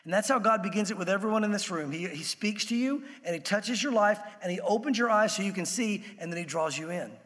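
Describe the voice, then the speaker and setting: Male pastor with a high voice, conversational sermon delivery, long hall reverb. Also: quick pace, few pauses, fairly bright tone. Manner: conversational preaching, acts out quoted voices.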